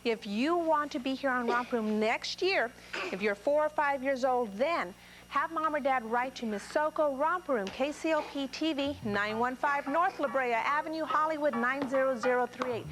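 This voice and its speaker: High-voiced woman hosting a kids' show. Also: moderate pace, fairly bright tone, poor audio. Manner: cheerful, encouraging, coaxing. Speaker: children's TV show host. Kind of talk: talking to young children.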